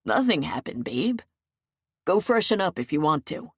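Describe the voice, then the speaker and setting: A woman doing a low-voiced coaxing male lover. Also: sing-song, moderate pace, husky, dry recording, clean studio sound, heavily acted. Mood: soft, coaxing. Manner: soft, low murmured coaxing. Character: gentle adult male lover, tireless.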